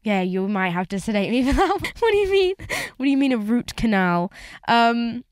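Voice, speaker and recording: A woman's voice: fairly high pitch, animated, moderate pace, clean tone, no echo. A woman hosting a casual solo podcast from inside her car, rambling candidly with lots of swearing and filler words. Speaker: podcast host.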